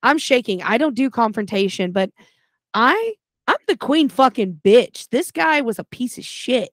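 A woman podcast co-host telling a story in a casual, animated and profane way. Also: on the high side, measured pace, no echo.

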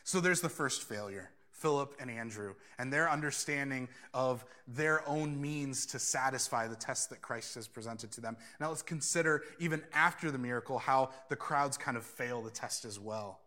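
A man's voice: medium pitch, moderate pace, few pauses, sharp tone. A male pastor preaching a sermon in a conversational way, slipping into quoted voices as he tells the story.

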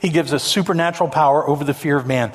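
Male pastor, slightly high, emphatic storytelling sermon. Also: rapid-fire. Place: church stage.

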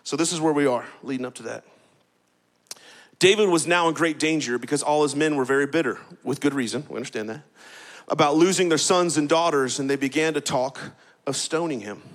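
A male pastor preaching a sermon in a lively, conversational way, often adding "right?" and getting the congregation to repeat words back. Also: a little high, normal speed. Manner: energetic, conversational preaching with frequent "right?" asides. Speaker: campus pastor.

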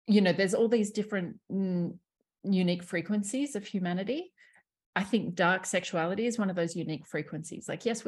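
A woman sexuality coach talking in a casual podcast conversation, candid and animated, swearing freely and laughing often. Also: on the low side.

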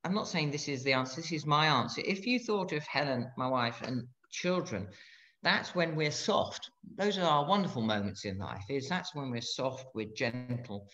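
Middle-aged man, interview guest, frank and blunt, stop-start phrasing, average pitch, muffled lo-fi capture. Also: animated, fairly bright tone. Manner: blunt, frank, halting with restarts. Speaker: guest, former fighter pilot. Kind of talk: candid interview conversation. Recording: dull lo-fi sound.

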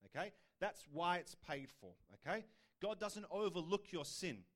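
Brief: male pastor, fairly high voice, chatty preaching with rhetorical questions. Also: expressive, moderate pace, a bit bright. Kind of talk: sermon.

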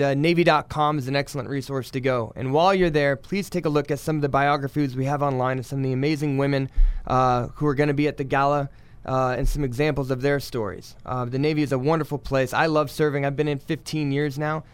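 An earnest man talking as a navy public affairs officer, warm in purpose and full of small fillers. His voice is smooth and clear, at a middle pitch. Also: fairly even intonation, fast. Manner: earnest, promotional, many fillers. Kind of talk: radio interview guest.

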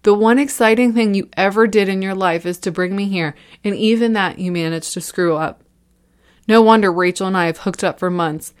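A woman's voice: medium pitch, normal speed, clean tone, natural voice. A woman reading a horror story and voicing a panicked young man who is near tears and bitter.

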